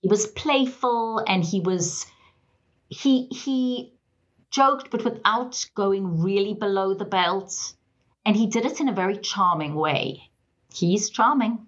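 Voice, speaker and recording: A woman with a South African accent, a guest on a podcast interview, telling her story in an expressive, emphatic way. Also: medium pitch, takes it slowly, dull audio.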